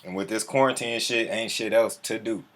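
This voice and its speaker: A man's voice: fairly low pitch, steady tone, moderate pace, a bit bright. A man chatting loosely with viewers on a livestream, full of profane slang and answering their comments as they come in. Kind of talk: casual livestream chat.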